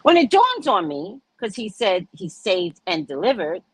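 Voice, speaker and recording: Animated, husky-voiced woman telling stories. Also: unhurried, no echo, low-quality recording. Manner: blunt, profane, laughs often; acts out dialogue with big pitch swings. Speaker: podcast host. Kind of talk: casual storytelling chat.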